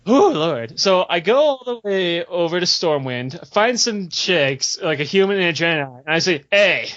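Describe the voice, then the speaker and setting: A man's voice: sits high, big pitch swings, moderate pace, fairly bright tone. Rambling, cursing young man, lo-fi. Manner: profane, rambling, giggly storytelling. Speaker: podcast host. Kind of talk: casual storytelling chat. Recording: dull lo-fi podcast audio.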